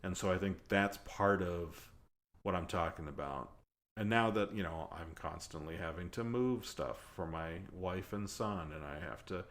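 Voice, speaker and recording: A man's voice: sits low, normal speed, fairly bright tone. A man hosting a podcast, talking in a rambling, self-deprecating way with lots of fillers. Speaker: podcast host. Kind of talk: casual chat.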